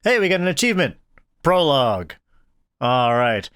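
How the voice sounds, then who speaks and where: A man's voice: medium pitch, big pitch swings, moderate pace, fairly bright tone, clear, resonant tone, soft background music. A man hosting a let's play, making casual, playful and enthusiastic gaming commentary. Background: game soundtrack.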